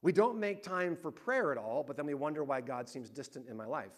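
A middle-aged man preaching a sermon, telling lively family stories and acting out the voices in them. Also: mid-range voice, fairly quick. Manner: animated storyteller, acting out family arguments loudly. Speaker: pastor.

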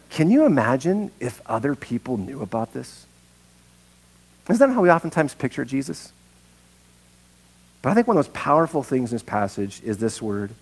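A man preaching a sermon as pastor, telling stories with big swings between hushed and loud. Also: medium pitch.

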